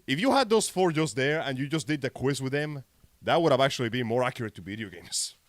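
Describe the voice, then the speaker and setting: A man's voice: mid-range voice, expressive, quick pace, no echo. A man co-hosting a live geek-news chat, blunt and sarcastic, swearing freely. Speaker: podcast co-host. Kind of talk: casual live-stream chat.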